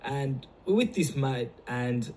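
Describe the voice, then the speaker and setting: A man on a podcast, retelling a story in a lively, animated way. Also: medium pitch, slow pace, a little hiss or hum. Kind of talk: casual storytelling.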